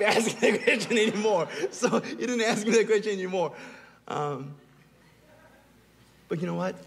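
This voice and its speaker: A man's voice: fairly high pitch, creaky, slight background noise. A middle-aged man preaching a sermon as a pastor, telling stories and building to emphatic, rising peaks. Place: large church hall. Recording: long hall reverb.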